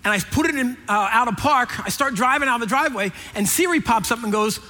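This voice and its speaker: A middle-aged man preaches in a large church hall, his extremely high voice moving at a quick pace. He jokes and tells stories in an animated way, acting out the voices of the people in them. The hall is echoey.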